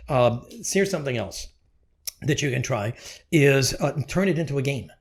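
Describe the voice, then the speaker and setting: A man talking as a guest on a podcast, animated and emphatic, often repeating his points. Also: medium pitch, fast talker, vocal fry. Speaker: podcast guest, real estate executive. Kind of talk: podcast conversation.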